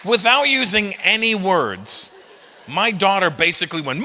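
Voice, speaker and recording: A middle-aged man performing stand-up on stage, with a bright, lively voice that jumps around in pitch and now and then bursts into loud shouted impressions. His voice rings out with the long reverb of a large hall. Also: measured pace, some chatter behind. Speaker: stand-up comedian. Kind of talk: stand-up comedy set. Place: live comedy venue with an audience.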